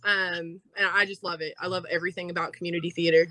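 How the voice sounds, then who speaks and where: A young woman with an Appalachian accent talks quickly and chattily as an interview guest. Her voice is bright and forceful. The sound is dry and close, with no room echo. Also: on the low side, flat delivery. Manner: fast-talking, enunciating carefully, laughs often. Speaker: guest, infant toddler teacher and theater director. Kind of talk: casual interview conversation.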